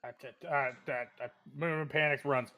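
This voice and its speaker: A man's voice: fairly high pitch, fairly even intonation, normal speed, bright, forceful tone. A young man playing in a tabletop game, hesitant, swearing and laughing. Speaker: player. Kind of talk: casual tabletop play.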